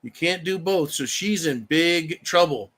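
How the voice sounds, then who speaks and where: A man's voice: fairly high pitch, a little slow, a bit bright. A man hosting a live stream, talking to viewers in a fired-up, profane, repetitive way and calling them "folks.". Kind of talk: political live stream monologue.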